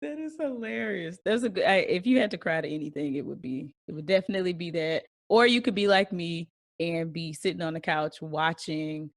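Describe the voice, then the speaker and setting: A woman's voice: lowish voice, a little fast, gravelly, hardly any pauses. A woman co-hosting a casual podcast, chatting with slang and frequent laughter. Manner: laughing, animated storytelling with slang. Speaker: podcast co-host. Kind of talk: casual chat.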